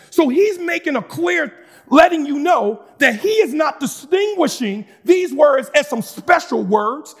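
A man preaching a sermon, moving between calm explanation and fervent shouting with casual asides to the congregation. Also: very high voice, unhurried. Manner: shouts and preaches with rising intensity, conversational asides. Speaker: pastor.

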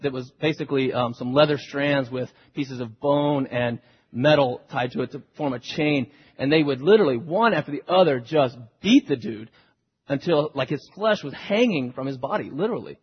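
Husky preacher man in an echoing hall. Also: fairly high pitch. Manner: dramatic, swings between hushed and loud delivery. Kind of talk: sermon retelling a scripture story. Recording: dull recording with long hall reverb.

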